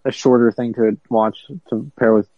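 A man co-hosting a podcast in casual chat, laid-back and quick to laugh. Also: medium pitch, level tone, dull audio. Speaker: podcast co-host.

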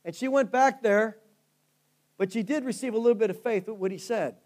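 A man's voice: high-pitched, brisk, darkish tone. A male pastor preaching a sermon, telling stories with fervent rises and drops in volume. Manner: fervent storytelling preacher, rising and falling in volume.

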